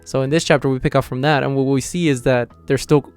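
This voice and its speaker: A man's voice: medium pitch, steady tone, quick pace, clean tone, faint music behind. A man giving a casual, rambling review of a manga chapter, retelling scenes with lots of fillers.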